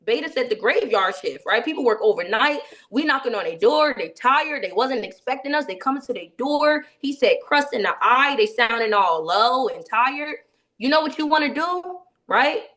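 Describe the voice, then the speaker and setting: A woman leading a sales training session, coaching in a lively way and checking in with her listeners again and again. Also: high voice, normal speed.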